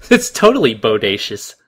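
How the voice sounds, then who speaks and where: Lively, jokey man riffing on a show. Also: lowish voice, a little slow, breathy edge. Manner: animated, jokey, swears casually. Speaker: commentary co-host. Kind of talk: casual watch-along commentary.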